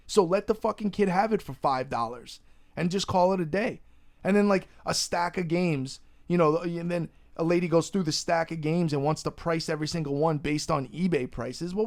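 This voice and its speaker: Animated, ranting young man, fairly high voice. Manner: ranting, animated, swears freely. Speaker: podcast host. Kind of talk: casual podcast chat.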